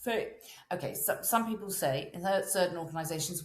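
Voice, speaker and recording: Woman, lively animated pitch, echoey room, interview guest, acts out the voices she quotes. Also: moderate pace. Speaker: guest, voice and presence coach. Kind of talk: casual interview chat.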